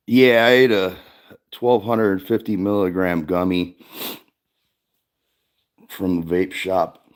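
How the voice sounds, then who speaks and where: Laid-back, swearing guy streaming from a garage. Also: sits low. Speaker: livestream host. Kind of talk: casual livestream chat.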